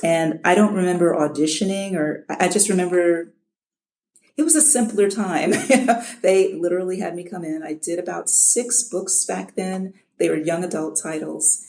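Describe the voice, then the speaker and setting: Woman audiobook narrator telling a story, lowish voice, laughs between bits. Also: steady tone, moderate pace, a little mellow, roomy sound. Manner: anecdotal, laughing between lines. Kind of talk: casual interview storytelling.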